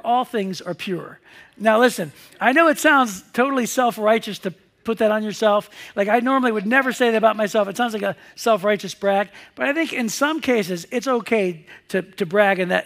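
A man's voice: high voice, creaky, a bit bright. A middle-aged man preaching a sermon, chatty and storytelling, acting out the voices of people in his story. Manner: chatty storyteller, acts out quoted voices, many restarts. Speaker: pastor.

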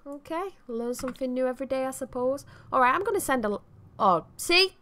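A woman's voice: on the high side, sing-song, moderate pace, creaky, a bit bright. A woman with a Mancunian accent giving chatty, rambling gameplay commentary with self-deprecating asides. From Manchester, England. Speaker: let's play commentator.

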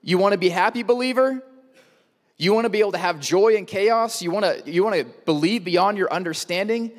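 A male preacher voicing a smiling, excited Jesus who speaks with eager, teasing warmth. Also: high-pitched, a little fast, in a large hall, pitched above the performer's own voice. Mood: excited, urging. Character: smiling, joyful Jesus, an excited grown man.

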